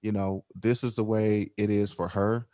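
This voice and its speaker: A man talking as a podcast guest in casual chat, animated and emphatic. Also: on the low side, normal speed, no echo, clean studio sound. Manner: animated, emphatic, laughs things off.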